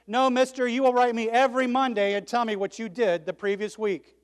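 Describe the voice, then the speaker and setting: A keynote speaker, a man, tells his story with great drama, acting out the dialogue and bursting into shouted cheers. His voice sits high for a man. It rings with the long reverb of a big hall. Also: steady tone, brisk, clean tone. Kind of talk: animated storytelling speech.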